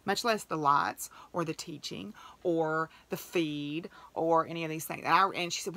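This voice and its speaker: On a dry recording, a podcast host whose voice sits on the low side and sounds a bit bright tells a casual, emotional story. She talks at normal speed with few pauses and lively intonation, performing the lines other people said.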